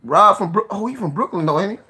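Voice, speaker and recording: A man hosting a casual live stream, joking, cursing freely, laughing often and giving shout-outs to viewers. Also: high-pitched, expressive, a little fast, breathy edge.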